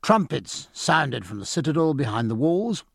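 A man narrating a story in a measured storytelling manner. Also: a little high, sing-song, gravelly, husky, no echo, studio quality. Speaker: audiobook narrator. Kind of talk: scripted narration.

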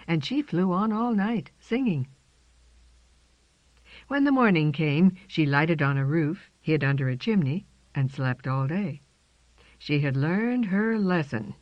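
A woman narrating a children's storybook in a slow, lilting reading voice, on a dry, slightly dull recording. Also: low-pitched, lively intonation, no echo.

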